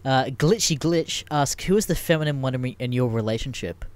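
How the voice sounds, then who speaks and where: A man's voice: mid-range voice, brisk. A young man hosting a casual podcast chat, rambling through stories with lots of fillers and swearing. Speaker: podcast host.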